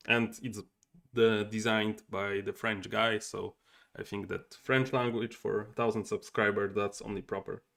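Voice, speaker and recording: A man's voice: on the low side, little pitch movement, measured pace, gravelly, a bit bright. A young man thinking aloud while he plays a board game on a livestream and chats with viewers. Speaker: game streamer. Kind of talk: casual livestream commentary.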